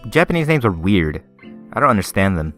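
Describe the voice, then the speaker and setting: A man's voice: lowish voice, very animated, fairly quick, fairly bright tone, faint music behind. A young man hosting a let's play, reading a visual novel aloud and interrupting with crude, mocking jokes.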